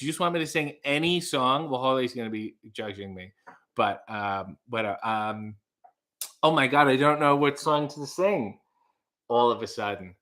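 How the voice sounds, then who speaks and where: A man's voice: medium pitch, lively intonation, moderate pace, sharp tone. A man hosting a live stream, casually reading out chat messages and answering with wry, profane asides.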